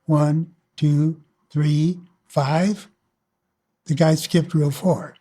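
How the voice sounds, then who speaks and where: Brief: easygoing male storyteller, slightly higher pitch, audiobook reminiscence. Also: steady tone, very slow, mellow. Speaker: filmmaker. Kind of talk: oral-history audiobook narration.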